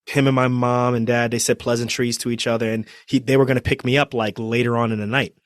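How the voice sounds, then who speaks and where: Animated male surgeon telling a story. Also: mid-range voice, fast, no room sound, studio quality. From New Jersey. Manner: animated storyteller, acts out what people said. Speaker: trauma surgeon guest. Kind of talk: storytelling interview.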